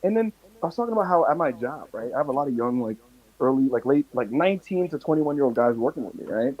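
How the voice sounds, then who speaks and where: A man's voice: mid-range voice, quick pace, breathy edge, highs cut off. A young man co-hosting a casual wrestling podcast, telling rambling stories with lots of swearing. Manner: animated, swearing, rambling storyteller. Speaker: podcast co-host.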